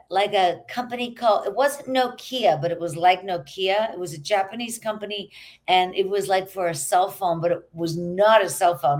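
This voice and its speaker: A woman's voice: medium pitch, a little mellow. A middle-aged actress, a woman, chatting casually as a guest and laughing easily. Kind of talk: casual interview chat.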